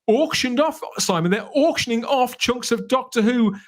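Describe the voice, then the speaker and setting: High voiced guy hosting a live stream, chatty and upbeat. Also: expressive, normal speed. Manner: chatty, upbeat, reads chat aloud. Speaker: host. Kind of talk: live-stream panel chat.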